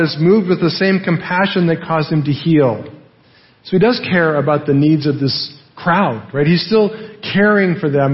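A man preaching a sermon in an easy, conversational manner, his voice sitting a little high for a man. He keeps asking the listeners rhetorical questions and checking in with them. The audio sounds dull and lo-fi. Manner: conversational, with frequent "right?" tags and rhetorical questions. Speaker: pastor.

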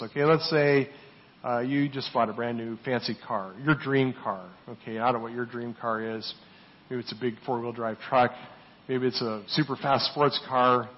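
A man preaching a sermon in a rhetorical way, often asking "right?" and swinging between loud emphatic lines and quiet, low asides. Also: muffled recording. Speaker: pastor.

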